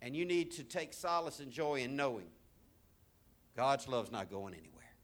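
A man preaching a sermon, swinging between loud, emphatic exhortation and soft, intimate asides, with repeated phrases. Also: mid-range voice, big pitch swings, normal speed.

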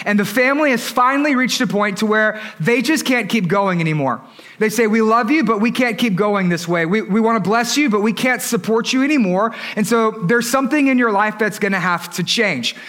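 A lead pastor in his thirties delivers a sermon conversationally, frequently putting questions to the congregation. His voice is high-pitched with a sharp tone.

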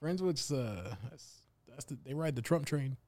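A man's voice: medium pitch, expressive, a little slow, background noise. A man chatting casually on a podcast, laid-back and agreeable, often laughing along. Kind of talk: casual chat.

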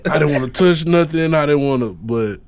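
A young man with a slightly high voice, recorded dry and close to the mic. He talks casually as a co-host. He tells his stories animatedly, swearing and tossing in "bro". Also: animated, a little fast, a little mellow, no room sound. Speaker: podcast co-host. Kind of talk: casual chat.

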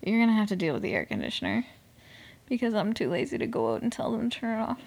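Young woman, podcast host, casual recap chat, lively swooping pitch, chatty and expressive, drops to whispers, swears. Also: quick pace, creaky. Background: air conditioner noise.

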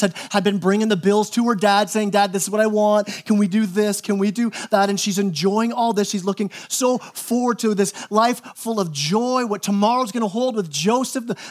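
A man with a high, light voice preaches to his church. He delivers the sermon with lively energy, jumping into the voices of the people he quotes and stumbling over repeated words as he begins his thoughts. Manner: animated, acts out quoted voices, repeats words when starting phrases. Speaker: pastor.

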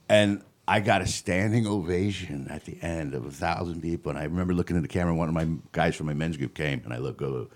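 A male comedian telling stories on a podcast in a studio, acting out what people said and laughing often. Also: very deep voice. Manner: animated, laughing storyteller who acts out quotes. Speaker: comedian guest. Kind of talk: casual storytelling.

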